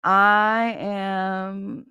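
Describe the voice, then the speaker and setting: A woman's voice: mid-range voice, little pitch movement, extremely slow, clean tone, no room sound, muffled recording. A woman livestreaming on her own channel, chatting casually in a blunt, profane, rambling way. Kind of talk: casual stream chat. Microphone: desk microphone.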